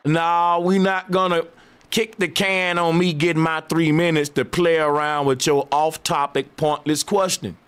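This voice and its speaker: A man's voice: a little high, level tone, unhurried, fairly bright tone, slight background noise. Insistent man debating. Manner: insistent, argumentative, repeats points. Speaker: debate show host. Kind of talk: heated live debate.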